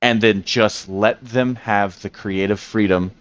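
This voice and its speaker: A man's voice: on the low side, steady tone, unhurried, a bit bright, smooth, no room sound, muffled recording. A man co-hosting a podcast, talking casually and rambling with frequent restarts and fillers. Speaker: podcast co-host. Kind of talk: casual chat.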